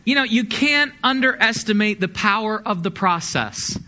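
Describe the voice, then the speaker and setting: Man, pastor, sermon, high-pitched, bright tone, conversational, energetic. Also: moderate pace, a little hiss or hum. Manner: conversational, energetic preaching with sports metaphors.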